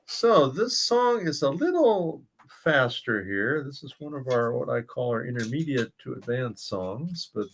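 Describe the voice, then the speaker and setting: A man with a mid-range voice leads a ukulele class, patiently counting the beats out loud as he plays. His pitch swings widely, his pace is measured, and he rarely pauses. The rough recording has slight background noise, with loud ukulele strumming sitting under his voice.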